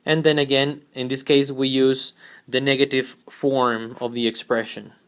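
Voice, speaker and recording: A man teaching an English grammar lesson, speaking slowly and repeating each example sentence twice. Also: mid-range voice, level tone.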